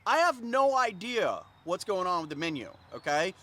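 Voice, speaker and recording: Exasperated male storyteller, profane and lively, slightly high-pitched. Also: normal speed. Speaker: comedic storyteller. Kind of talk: comedic anecdote.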